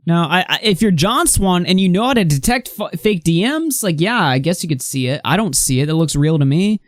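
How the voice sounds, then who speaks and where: A woman's voice: lowish voice, animated, brisk, hardly any pauses, no room sound, studio quality. A young woman in her late teens hosting a live online commentary stream, reading posts aloud and ranting bluntly with plenty of swearing.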